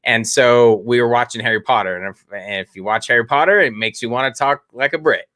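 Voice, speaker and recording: A middle-aged man tells a rambling, self-mocking story to his podcast co-host and laughs along the way. His voice has a bright, forward tone. The sound is dry and close, with no room around it. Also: medium pitch, fairly quick, dry recording. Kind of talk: casual storytelling.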